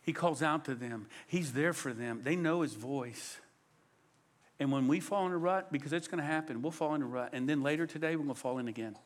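A man preaching a sermon in an animated, conversational way, swinging his delivery for emphasis. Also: a little high, a little fast. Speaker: pastor.

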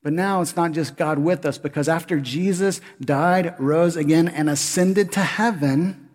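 A man preaching a sermon as pastor, animated, with rhetorical questions to the congregation. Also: a little high, measured pace. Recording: long hall reverb.

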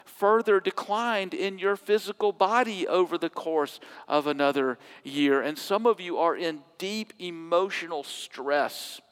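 A man preaching a sermon, swinging from loud emphatic quotes to hushed near-whispers. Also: sits high, a little slow, hardly any pauses, smooth, big-room sound. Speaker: pastor.

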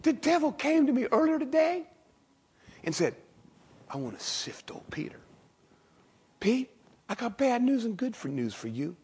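A man's voice: extremely high pitch, sing-song, moderate pace, mellow, slightly rough, pitched above the performer's own voice, exaggerated voice. A man voicing a fatherly, patient Jesus, talking in a folksy, firm way. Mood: teasing.

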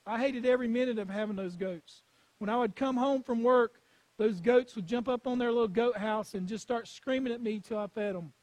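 A man delivers a sermon in a strikingly high voice for a male speaker. He preaches emphatically, repeating key phrases for weight as he tells stories. The sound is dry and close, with no room echo. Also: a little fast, a little mellow. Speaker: pastor.

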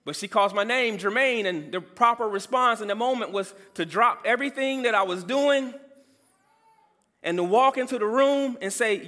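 A man preaching a sermon as pastor, emphatic, calling out some lines loudly. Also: sits high, moderate pace, in a large hall.

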